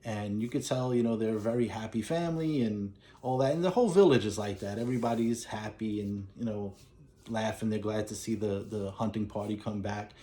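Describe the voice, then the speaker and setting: Recapping a film casually, a man who reviews movies rambles through the plot with fillers and restarts. He speaks briskly in a fairly low, warm voice.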